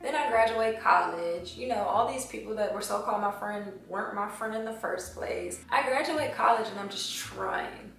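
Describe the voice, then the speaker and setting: A young woman from Washington, D.C. vlogs her testimony to camera, candid, emotional and confessional. Her medium-pitched voice is creaky and fairly bright, at normal speed with few pauses. The recording has strong echo, faint music, and her voice is off-mic.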